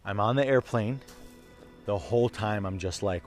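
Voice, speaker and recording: A young man telling a raw, emotional story to camera as a vlogger, swearing freely, dropping to a hush and then rising loud. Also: lowish voice, moderate pace, soft background music.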